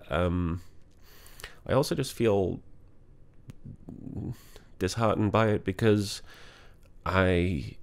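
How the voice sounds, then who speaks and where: Low-voiced man speaking candidly. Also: a little mellow. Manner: candid, reflective, halting. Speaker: vlogger. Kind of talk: confessional vlog talk.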